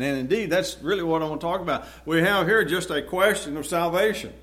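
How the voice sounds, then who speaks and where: Male preacher, slightly high voice, sermon delivery, reads verses forcefully then explains plainly. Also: brisk, few pauses. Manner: reads scripture aloud with rising force, then explains it conversationally.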